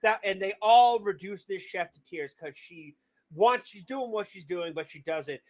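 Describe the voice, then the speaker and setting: A man hosting a casual livestream movie review, rambling, excitable and quick to swear. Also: high voice. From Massachusetts. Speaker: movie review show host.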